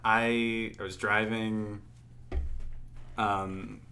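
Bright-voiced young man, casual rambling chat. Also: lowish voice, flat delivery, drawn-out words, a little hiss or hum. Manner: rambling, laughs often, trails off. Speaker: podcast co-host.

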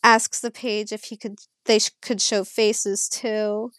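A young woman telling her own story as an interview guest, reading text messages aloud in a casual, halting way with fillers. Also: medium pitch, little pitch movement, a bit bright, no echo, clean studio sound. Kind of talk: personal storytelling.

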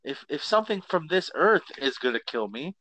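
A man co-hosting a podcast, telling stories in a casual, swearing, animated way. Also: fairly high pitch, moderate pace, no echo. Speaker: podcast co-host. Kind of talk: casual chat.

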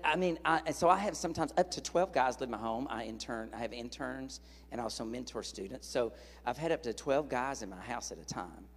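Husky, folksy middle-aged evangelist man. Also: medium pitch, in a large hall. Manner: folksy, animated, jokes with the congregation. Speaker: evangelist preacher. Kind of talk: sermon with storytelling. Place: church.

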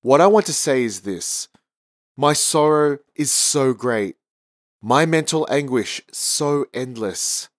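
A man lector giving a measured, formal reading of psalm and epistle at a service. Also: medium pitch, no echo, studio quality. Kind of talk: liturgical scripture reading.

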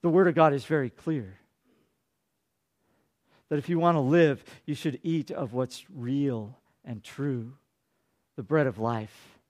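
A male pastor preaching a sermon, dropping to hushed tones and rising to loud, dramatic peaks. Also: takes it slowly, long pauses. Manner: dynamic, swinging from hushed to booming.

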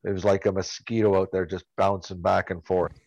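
Halting man telling a sports story. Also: low voice, little pitch movement, vocal fry, a little mellow, no room sound, lo-fi sound. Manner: storytelling, halting with many restarts. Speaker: lacrosse podcast co-host. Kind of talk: casual sports chat.

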